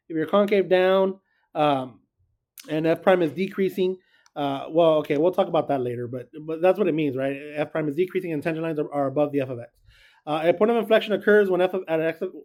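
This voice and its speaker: A man's voice: high voice, darkish tone. A man teaching a calculus lesson, explaining rules in a chatty way and often asking the class if they follow. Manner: chatty, checks in with students. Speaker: math teacher. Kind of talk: recorded classroom lecture.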